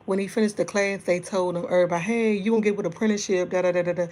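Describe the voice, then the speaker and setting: This middle-aged woman talks very fast in a mid-range, steady voice as she hosts a livestream. She rambles casually with viewers, laughs frequently, and lowers her voice at times to stay quiet.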